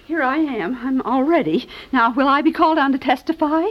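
An actress playing a talkative, sentimental elderly aunt in a 1950s radio comedy. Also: female voice, high voice, fairly quick, lightly acted. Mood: doting. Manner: chattering, sentimental, theatrical. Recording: dull old radio broadcast.

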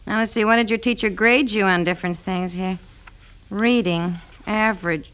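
A woman's voice: mid-range voice, steady tone, clean tone, lo-fi sound, lightly acted. A woman playing a chatty, fluttery mother and housewife in 1950s radio comedy acting. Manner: chatty, fluttery, quick asides. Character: fussing mother and housewife, middle-aged.

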